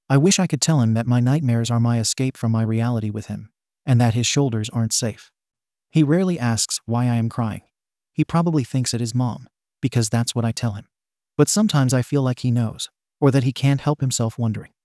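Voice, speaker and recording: Male narrator for online story readings: warm, dark tone, dry close sound, steady first-person delivery. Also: mid-range voice, brisk, no room sound. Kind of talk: scripted narration of online posts.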